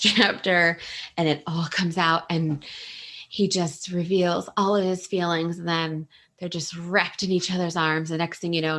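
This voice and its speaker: A woman's voice: low voice, fairly bright tone. A young woman hosting a casual book chat, gushing and laughing often as she reads favorite passages aloud. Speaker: book podcast host.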